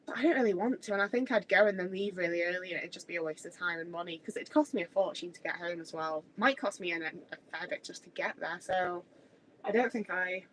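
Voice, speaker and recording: Her voice is on the low side and she talks fast, chatting casually and rambling with lots of restarts. She's a Stoke woman in her thirties, with a Midlands-Scouse mix, hosting a livestream from her home kitchen, where the webcam mic catches slight background noise and poor audio as she cooks away from it.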